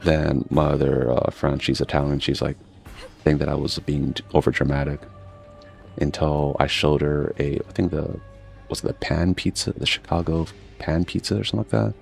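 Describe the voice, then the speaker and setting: Very deep gravelly man chatting casually. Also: steady tone, normal speed, a little mellow, soft background music. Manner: laid-back storytelling, swears, laughs often. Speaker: gaming streamer. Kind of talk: casual chat while playing a game.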